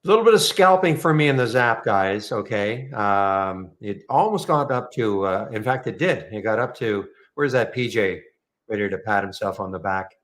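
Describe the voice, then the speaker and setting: A man's voice: fairly low pitch, expressive, moderate pace, fairly bright tone. A man hosting a live trading room, chatting in a rambling, self-correcting way.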